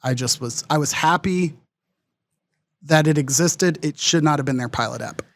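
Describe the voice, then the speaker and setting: A man's voice: on the high side, normal speed, fairly bright tone, no room sound, studio quality. A man co-hosting a sports podcast, talking in a rambling way, filling with "like" and "uh". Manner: rambling, lots of "like" and "uh". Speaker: podcast co-host. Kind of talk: casual sports chat.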